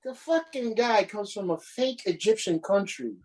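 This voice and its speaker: A man's voice: sits high, animated, moderate pace, a little mellow, low-quality recording. A man co-hosting a casual podcast, ranting with frequent swearing and restarts. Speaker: podcast co-host.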